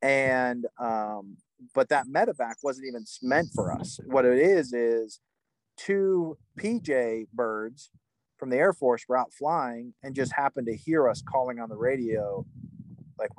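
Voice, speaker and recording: A man's voice: medium pitch, unhurried, no echo, rough recording. A middle-aged man, a retired army first sergeant, telling a war story casually, with lots of "like" and restarts. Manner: rambling, frequent "like" and restarts.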